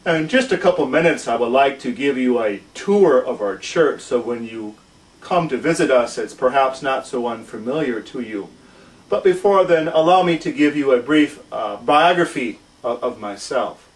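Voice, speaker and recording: A man in his forties with a Minnesotan accent, a pastor introducing himself in an earnest, measured way with frequent restarts. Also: mid-range voice, lively intonation, distant mic, low-quality recording. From southern Minnesota. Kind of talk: introductory church video.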